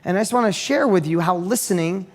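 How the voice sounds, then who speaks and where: A man's voice: high voice, expressive, fast talker, big-room sound. A man giving a motivational business talk, telling a story in an emphatic way that repeats phrases for effect. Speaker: business speaker.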